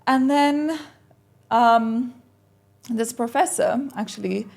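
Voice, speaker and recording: A young woman, a podcast guest, telling a personal story in a casual, animated way and acting out the conversations she recalls. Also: on the high side, slow, creaky. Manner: animated, acts out quoted exchanges.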